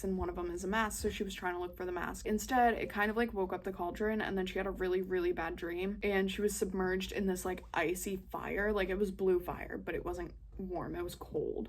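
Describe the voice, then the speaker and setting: A young woman giving an excitable, casual recap of a book she is reading, full of fillers and swearing. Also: medium pitch. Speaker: book vlogger.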